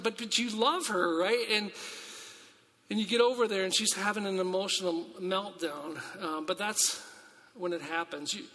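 A man preaching a sermon after reading scripture, talking earnestly and conversationally with many rhetorical questions and quick restarts. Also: very high voice, bright, forceful tone. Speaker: pastor. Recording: long hall reverb.

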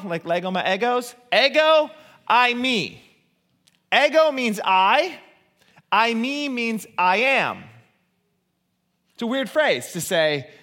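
A male pastor preaching a sermon, animated, rising to near-shouts on key points and dropping low and soft for emphasis. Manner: reads scripture aloud in a slow, emphatic cadence.

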